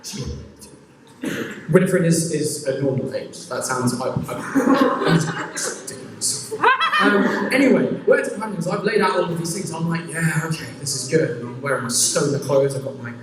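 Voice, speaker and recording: A man's voice: a little high, big pitch swings, normal speed. A young man performing stand-up, telling a rambling, self-mocking story full of restarts, recorded in a comedy venue. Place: comedy venue with a laughing audience. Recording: roomy hall audio from far off, loud audience noise.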